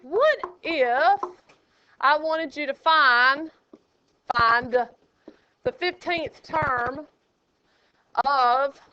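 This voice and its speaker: A woman's voice: high voice, extremely slow, pauses often, pushed and bright, a little hiss or hum. A woman math teacher, teaching a classroom and joking with her students. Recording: dull lo-fi classroom recording.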